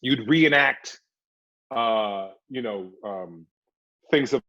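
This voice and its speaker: A man, an actor, chatting casually in an interview and telling lively stories, sometimes slipping into put-on voices. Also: medium pitch, extremely slow. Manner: animated storyteller, slips into put-on voices. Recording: dull lo-fi recording.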